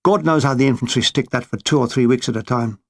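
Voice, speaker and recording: A man reading his own war memoir with a dry, deadpan comic delivery. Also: medium pitch, fast talker, vocal fry. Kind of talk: audiobook memoir narration.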